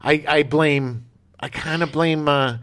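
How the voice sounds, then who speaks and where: A man's voice: on the high side, slow, a little hiss or hum. A man co-hosting a podcast, chatting casually and cracking jokes about movies and TV. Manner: joking, animated pop-culture banter. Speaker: podcast co-host. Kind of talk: casual chat.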